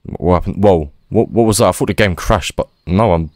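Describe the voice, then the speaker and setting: Super low voiced guy playing a horror game, yelps and cusses, reads the text out slow. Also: dry recording, clean studio sound. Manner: jumpy, exclaiming, swearing reactions. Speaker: gaming YouTuber.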